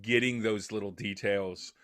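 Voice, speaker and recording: A man's voice: on the low side, fairly even intonation, measured pace, fairly bright tone, clear, resonant tone. A man chatting as a podcast guest, thoughtful and rambling, with lots of "uh" and "um". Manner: thoughtful, rambling, many fillers. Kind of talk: casual conversation.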